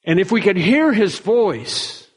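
A man preaching a sermon in an earnest, measured way, quoting speakers in small acted-out voices. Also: high voice, very animated, husky. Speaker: pastor. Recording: long reverb of a large hall.

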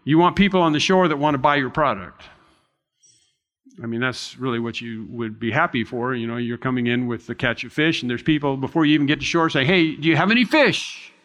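A man's voice: medium pitch, fairly bright tone, big-room sound. A man preaching an expository sermon in a conversational, reflective way, often restarting and adding asides.

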